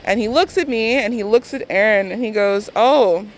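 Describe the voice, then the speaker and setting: A woman telling an anecdote in an animated way, acting out what people said. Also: on the high side, brisk, a little hiss or hum, rough recording. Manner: animated storyteller, quotes people vividly. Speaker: interviewee. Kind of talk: lively anecdote.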